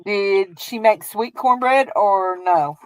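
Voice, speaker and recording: A woman's voice: medium pitch, slow pace, no room sound, poor audio. A woman with a Southern US accent who hosts a crafting stream, chatting casually in a rambling, folksy way and laughing often. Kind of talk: casual chat while crafting.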